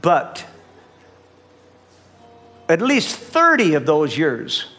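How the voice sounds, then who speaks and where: A man's voice: a little high, huge pitch swings, extremely slow, pushed and bright, faint music behind. An older man preaching a sermon as pastor, emphatic and repetitive, often calling on the congregation to respond. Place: church sanctuary.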